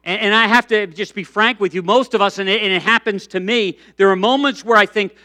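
Middle-aged male pastor, high bright voice, lively storytelling sermon. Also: brisk, faint music behind. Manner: lively storytelling, frequent restarts and fillers.

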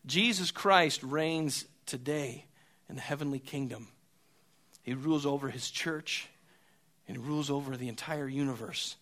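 Man, pastor, sermon, forceful bright tone, a bit high-pitched, hushed then loud. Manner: preaching with swings between hushed and loud.

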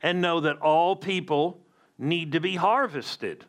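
A man's voice: fairly high pitch, takes it slowly, fairly bright tone. A man preaching a sermon as a pastor, emphatic with conversational asides.

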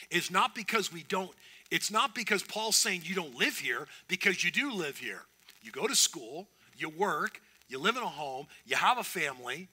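A male pastor preaches in an earnest, emphatic way, now and then breaking off and restarting a thought. His voice is very bright and forward, sitting a little high for a man. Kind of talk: sermon.

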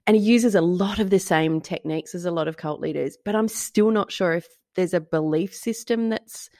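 Chatty woman, lowish voice. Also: moderate pace, no echo, clean studio sound. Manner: chatty and animated, laughs often, jokes, swears. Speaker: podcast co-host. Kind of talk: casual true-crime chat.

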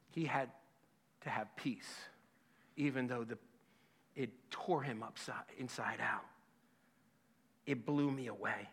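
A man in his fifties preaching a sermon, emphatic and impassioned, then dropping to a hushed voice for a personal story. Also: medium pitch, slow, long pauses, breathy edge. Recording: long hall reverb.

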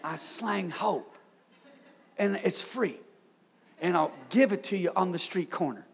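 A man, a pastor, preaching a sermon with energetic call-and-response and street slang. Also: sits high, a little slow, creaky, husky, big-room sound.

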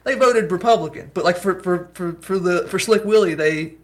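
Give me a casual man co-hosting a podcast, with a high voice. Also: normal speed. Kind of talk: political podcast chat.

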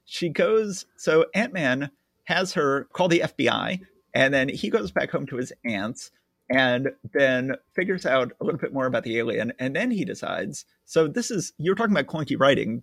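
Podcast host, male. Gravelly and a bit husky, an animated storyteller who laughs easily, in casual chat on a dry, close mic. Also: mid-range voice, no room sound. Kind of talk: casual chat about comics.

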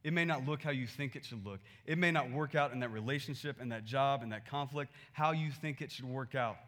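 A man's voice: mid-range voice, a little fast, fairly bright tone. A man preaching a sermon in a conversational way, asking his listeners rhetorical questions. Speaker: pastor.

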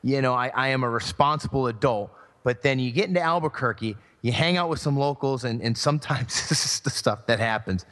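This podcast co-host, a man with a mid-range, fairly bright voice, goes a little fast as he casually recounts a story and impersonates the people involved. Long hall reverb colors the recording.

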